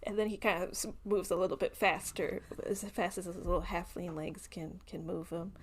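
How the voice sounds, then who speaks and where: A woman narrating as game master of a tabletop game, in a relaxed way with many fillers. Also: on the low side, normal speed, slight background noise.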